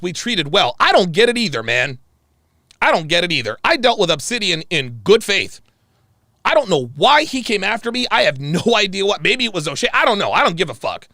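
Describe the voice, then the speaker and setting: A man's voice: no room sound, studio quality. A man hosting a livestream, delivering a heated, profane rant and repeating phrases for emphasis. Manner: angry, profane, repeats himself; animated pitch swings. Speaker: show host.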